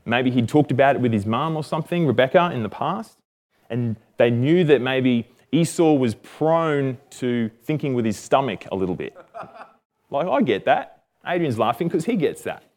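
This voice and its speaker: A man's voice: mid-range voice, lively intonation, normal speed, darkish tone. A man with an Australian accent giving a casual, jokey Bible lesson, often correcting himself. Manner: chatty and jokey, self-correcting.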